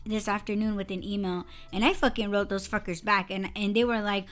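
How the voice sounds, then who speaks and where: A woman's voice: mid-range voice, steady tone, a little fast, soft background music. A woman co-hosting a casual podcast, telling a story in a heated, profane way and breaking into laughter. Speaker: podcast co-host.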